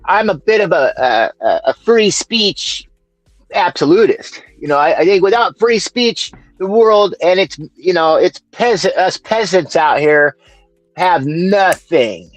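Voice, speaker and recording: A man in a casual chat, speaking haltingly with many restarts and frequent swearing. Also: high-pitched, expressive, no echo, faint music behind, poor audio. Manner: halting, profane, full of restarts. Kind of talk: casual conversation.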